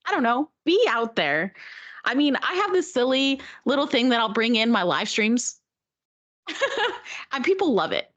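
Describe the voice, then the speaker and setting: A woman's voice: on the high side, very animated, unhurried, a bit bright, highs cut off. A woman from Oregon, a streamer and dancer, chatting as a podcast guest and laughing often. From Oregon, USA. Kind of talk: casual podcast chat.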